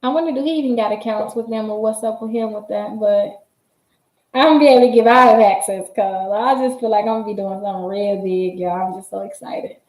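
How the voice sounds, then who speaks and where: A woman hosting a casual livestream, chatty and excitable, laughing often and talking straight to her viewers. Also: medium pitch, brisk. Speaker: credit repair livestream host. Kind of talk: casual livestream chat reading viewer comments. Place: her office. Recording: roomy echo.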